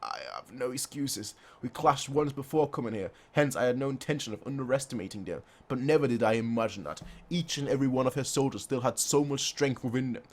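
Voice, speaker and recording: A man's voice: mid-range voice, a little fast, hardly any pauses, darkish tone, lightly acted. A man reading the lines of a wounded male general who formally apologizes for a lost battle. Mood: solemn.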